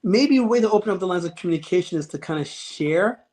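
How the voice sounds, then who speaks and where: A middle-aged man psychiatrist answering interview questions, earnest and halting, with frequent restarts and fillers. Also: high-pitched, expressive, a little mellow. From United States. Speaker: child and adolescent psychiatrist, guest.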